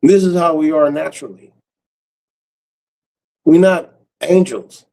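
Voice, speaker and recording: Streamer, male, gravelly and slightly high, harsh profane ranter. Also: slow pace, mellow, low-quality recording. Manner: blunt, cursing, harsh. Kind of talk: profane casual rant.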